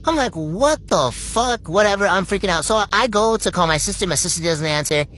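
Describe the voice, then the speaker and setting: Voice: mid-range voice, fast talker, a bit bright, slight background noise. A young adult from Puerto Rico telling a story to camera in a rambling, swearing, filler-heavy way. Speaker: TikTok storyteller. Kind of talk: casual storytime monologue.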